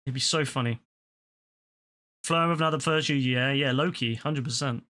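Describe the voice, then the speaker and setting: Young man, crisp bright tone, casual streamer chatter, stammering restarts, heavy swearing. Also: medium pitch, moderate pace, long pauses. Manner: rambling, swears freely, frequent stammered restarts. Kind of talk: casual reaction commentary.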